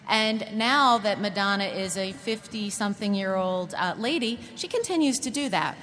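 A woman speaking on a panel in a measured, thoughtful way. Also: medium pitch, a bit bright. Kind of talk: panel discussion. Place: conference hall. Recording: reverberant hall, faint noise.

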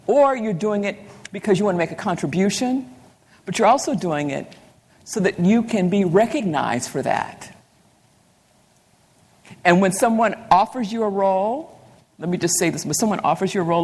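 A woman delivers a motivational keynote with insistent, repeated lines. Her voice is low-pitched and husky. The long reverb of a large hall hangs behind her. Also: a little mellow. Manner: emphatic, repeats lines for effect. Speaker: keynote speaker. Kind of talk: motivational talk.

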